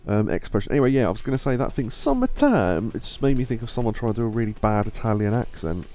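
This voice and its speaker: A man's voice: lowish voice, very fast, warm tone. A man with a stuffy nose casually chatting through a live game stream, rambling to himself and reading mission text aloud. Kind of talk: casual live gameplay commentary. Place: home streaming setup.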